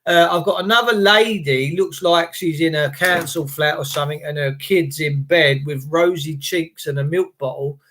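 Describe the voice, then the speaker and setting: A middle-aged man hosting a casual live stream, greeting viewers by name, his voice worn from a recent flu and broken by throat clearing. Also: fairly high pitch, moderate pace, few pauses, sharp tone, slight background noise. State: recovering from flu, voice cracking. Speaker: livestream host.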